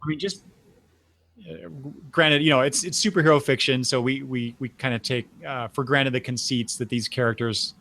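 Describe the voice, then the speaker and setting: A man's voice: mid-range voice, fairly even intonation, moderate pace, creaky, sharp tone. An older man hosting a podcast, recapping comic book scenes in a casual chat with frequent restarts and fillers. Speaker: podcast host.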